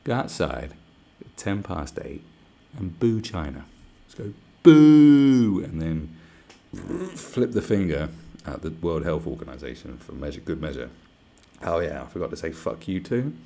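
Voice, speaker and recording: A man's voice: a bass voice, sing-song, a little slow, creaky, pauses often, a little mellow. A man hosting a livestream, ranting sarcastically with lots of swearing. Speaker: livestream host. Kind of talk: livestream rant.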